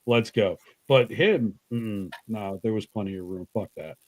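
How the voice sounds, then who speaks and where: A man co-hosting a casual livestream chat, telling stories with lots of swearing and lively quoted voices. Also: lowish voice, unhurried, dry recording, low-quality recording. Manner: profane, animated storyteller with lively put-on quotes. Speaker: co-host of a livestream.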